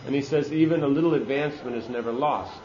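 A man's voice: mid-range voice, fast, a little mellow, reverberant, lo-fi sound, a little hiss or hum. Man giving an emphatic scripture lecture. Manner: earnest, emphatic teaching with Sanskrit terms. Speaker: speaker giving a scripture class. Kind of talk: sermon on scripture.

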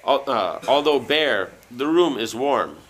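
A man reading a book aloud and breaking off into loose, halting asides full of fillers. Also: medium pitch, expressive, a little hiss or hum. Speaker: reader.

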